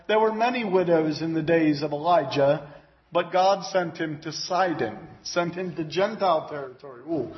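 Brief: earnest male preacher, fairly high voice, teaching Scripture with emphasis; lo-fi, muffled tape. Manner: earnest and emphatic, with exclamations of praise. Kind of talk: expository Bible teaching. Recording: dull lo-fi recording.

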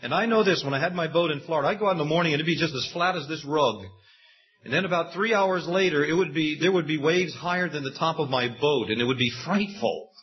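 A man preaching a sermon, telling Bible stories with lively acted-out quotes. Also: fairly high pitch, fast talker. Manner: animated storytelling preacher, acts out quoted voices. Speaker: pastor. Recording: dull lo-fi sound.

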